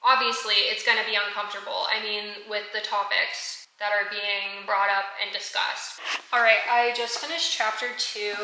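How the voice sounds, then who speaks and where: A woman's voice: medium pitch, pushed and bright, reverberant, low-quality recording. A woman chatting casually in a reading vlog, gushing about a book she is reading and filling her talk with likes and ums. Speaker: book vlogger. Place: apartment at home.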